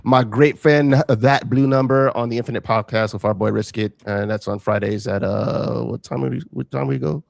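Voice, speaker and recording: Man, easygoing podcast guest, gravelly, dry close sound. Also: medium pitch, fairly even intonation, normal speed, hardly any pauses, no echo. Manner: easygoing, laughs often, says brother and man. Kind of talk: casual gaming podcast chat.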